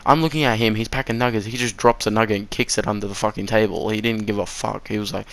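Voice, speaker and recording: A teenage boy rambles through a casual story time, swearing freely and laughing at his own slips. His voice sits fairly low for his age and comes through smooth and clean. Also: fairly even intonation, fast, hardly any pauses, a bit bright. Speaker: vlogger.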